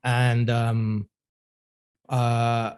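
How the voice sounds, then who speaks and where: A man's voice: medium pitch, monotone, very slow, darkish tone, clear, resonant tone. Chatty man. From London, England. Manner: chatty, laughs often, many fillers. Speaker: podcast guest. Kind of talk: casual interview storytelling.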